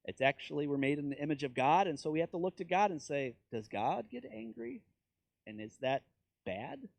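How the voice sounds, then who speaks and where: A male pastor from Kansas preaching a sermon in a conversational way, breaking into loud, high emphasis and dropping to low asides, and acting out quoted voices in mocking tones. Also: brisk, dry recording.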